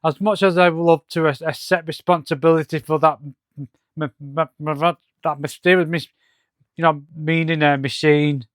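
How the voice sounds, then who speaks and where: A man reading the lines of a scheming male mad scientist villain from a comic, halting with fillers. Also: a little high, steady tone, no room sound, clean studio sound, natural voice. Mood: boastful.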